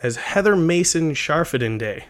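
A man's voice: on the high side, lively intonation, moderate pace. A man hosting a comedy podcast, chatting casually with many fillers and frequent laughs. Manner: laughs often, filler-heavy segues. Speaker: podcast host.

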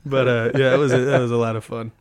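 A man's voice: medium pitch, flat delivery, fast. Laid-back male podcast host. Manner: laughs often, filler-heavy segues. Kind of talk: casual podcast chat.

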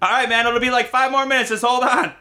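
A man's voice: very high voice, level tone, quick pace, heavy background noise, voice pushed up. A man voicing a laid-back male firefighter calling down from a distance, easygoing and apologetic. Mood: casual.

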